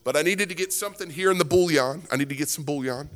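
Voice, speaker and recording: A man's voice: on the high side, fast. A man preaching a sermon as a pastor, telling a story and building to impassioned exhortation. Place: church sanctuary with worship music. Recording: reverberant hall with music behind.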